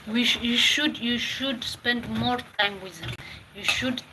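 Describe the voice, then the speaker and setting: A woman chats as she cooks in a home kitchen, her voice sitting a bit high. She repeats herself and drops Italian words into her talk. Dishes and pans clatter clearly behind her. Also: a little slow, background noise. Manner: talks while cooking, repeating phrases, mixing in Italian words. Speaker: home cook vlogger. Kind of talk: casual cooking vlog with advice.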